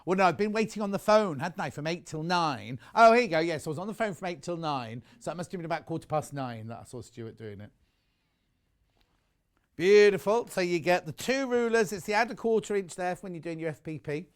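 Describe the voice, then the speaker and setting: A man's voice: sits high, lively intonation, fairly quick. A British man presenting live on a shopping channel, chatty and rambling as he sells sewing goods. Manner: chatty, rambling, reads out viewer messages.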